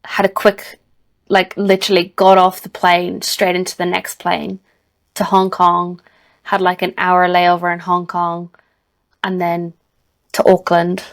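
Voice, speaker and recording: An Irish woman co-hosting a podcast, chatting in a rambling way with restarts and laughs. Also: lowish voice. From Ireland. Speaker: podcast co-host. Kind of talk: casual chat.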